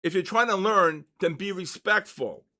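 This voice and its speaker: A man's voice: high-pitched, normal speed, pushed and bright. Emphatic older man lecturing on trading. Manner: emphatic, lecturing, repeats points with "okay?" and "all right?". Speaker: trading educator hosting a live session. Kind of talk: live-streamed trading lecture.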